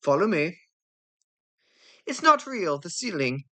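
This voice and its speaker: A strict older teacher, as a woman puts her on, giving brisk orders to keep up. Her voice sits low and moves with a lively rise and fall. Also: exaggerated voice. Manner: brisk, instructing. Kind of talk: fan reading of a film script.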